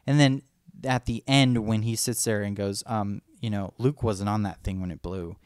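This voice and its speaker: A man's voice: fairly low pitch, steady tone, moderate pace, darkish tone, smooth, no echo, studio quality. A man co-hosting a podcast, chatting casually and enthusiastically, rambling and acting out movie lines. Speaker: podcast co-host. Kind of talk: casual fan chat.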